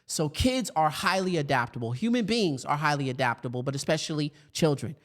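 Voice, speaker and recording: A man in his thirties giving a storytelling talk to educators, acting out his younger self with a raised, lively voice. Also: fairly high pitch, brisk. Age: 30s. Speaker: speaker for educators.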